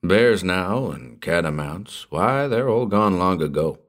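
A man voicing a superstitious old backwoods hermit, in a slow rustic drawl that keeps dropping to a hushed, ominous tone. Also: low voice, animated.

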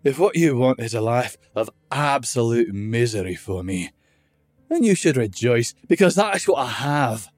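A man voicing a guilt-ridden young male dwarf warrior, earnest and pained, with a husky voice. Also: medium pitch, expressive, normal speed, dry recording, soft background music, close to an everyday voice. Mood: anguished.

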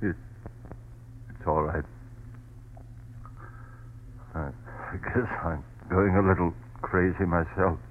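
A man's voice: sits low, fairly even intonation, unhurried, a little hiss or hum. An actor playing a desperate husband losing his nerve, stammering and crying out, in a 1940s radio play on a tinny old recording. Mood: anguished. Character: desperate husband unravelling with horror.

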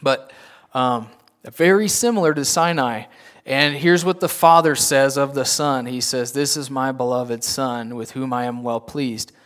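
A man preaching a sermon in a conversational style, often checking in with the listeners with quick asides. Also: mid-range voice, fairly bright tone. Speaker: pastor.

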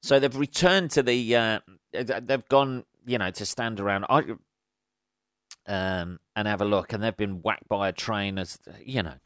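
A man's voice: lowish voice, unhurried, fairly bright tone, clear, resonant tone, dry recording, studio quality. A man hosting a solo comedy podcast. He rambles through sweary, wry asides with plenty of ums. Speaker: podcast host. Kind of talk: solo comic podcast monologue.

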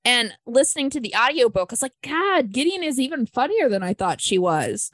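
A woman's voice: on the high side, sing-song, normal speed, a bit bright, no room sound. A woman hosting a book club podcast, chatting enthusiastically with lots of fillers. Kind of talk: casual book discussion.

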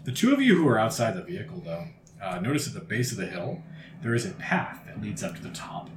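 A man's voice: on the low side, quick pace. A man running a tabletop game as game master, narrating scenes in vivid detail with frequent fillers. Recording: roomy recording with steady background noise.

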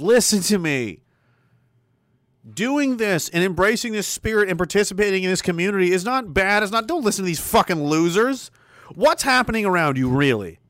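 A man's voice: sits high, a bit bright, no room sound, clean studio sound. A man hosting a livestream, reading out chat messages and ranting bluntly with plenty of profanity. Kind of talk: casual live chat commentary.

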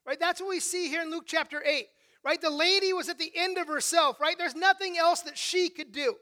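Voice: very high voice, fairly quick, bright, forceful tone. A preacher delivering a sermon emphatically, often checking in with a rhetorical "right?" and restarting sentences.

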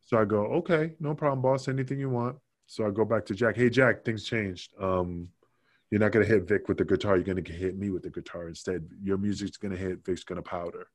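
A man spins a backstage story in a casual, animated way, jumping into other people's voices and cursing as he quotes them. His voice sits on the low side. The sound is dry and close. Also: brisk, no room sound. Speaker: podcast guest.

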